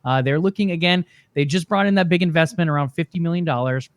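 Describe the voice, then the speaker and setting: Quick-paced and a little high, a man co-hosts a gaming podcast, chatting easygoingly and laughing at his own jokes. His tone is clean, with no echo.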